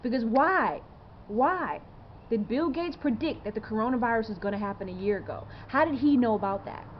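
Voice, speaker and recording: A woman's voice: a little high, expressive, brisk, lo-fi sound, slight background noise. A woman in her twenties talking straight to camera in a rambling, earnest way, full of fillers and rhetorical questions. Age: 20s. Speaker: vlogger. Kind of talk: casual to-camera monologue.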